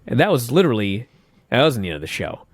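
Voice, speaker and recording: A man's voice: mid-range voice, sing-song, fast talker, no echo. A man co-hosting a casual podcast, animatedly retelling events with laughs and the odd swear. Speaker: podcast co-host. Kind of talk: casual chat recapping wrestling.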